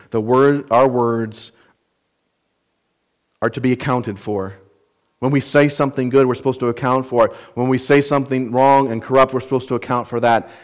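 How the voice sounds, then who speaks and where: Earnest man preaching an expository sermon. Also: mid-range voice. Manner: earnest, emphatic, with rhetorical questions; explains word meanings and grammar of scripture. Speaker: pastor.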